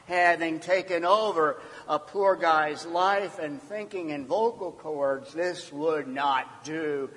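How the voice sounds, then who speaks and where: Guy pastor preaching, high voice, lots of echo, loud then hushed. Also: slow, few pauses. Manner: emphatic preaching, sharp swings between loud and hushed. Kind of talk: sermon.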